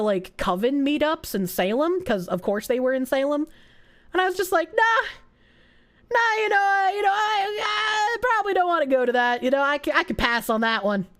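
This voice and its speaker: Animated woman with a Boston accent. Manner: animated, swearing, frequent laughter, jumps to high squeals. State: voice slightly rough from being sick. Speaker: streamer. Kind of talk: casual chat reading live chat.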